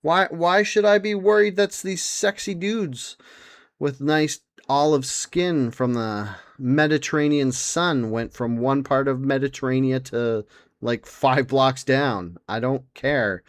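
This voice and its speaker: A man in his forties talks alone on his own comedy podcast, rambling, swearing and playing at outrage, often jumping up into a high, excited register. His voice is mid-pitched and sits close to the mic in a dry room. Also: takes it slowly, no room sound. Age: 40s. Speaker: podcast host. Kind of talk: solo comedic podcast rant.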